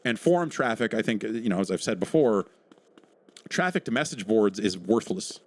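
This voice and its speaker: A man hosting a casual podcast, rambling and profane, who breaks into loud mock quotes. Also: lowish voice, very animated, normal speed. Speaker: podcast host recalling work in online game media. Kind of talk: casual chat with gameplay.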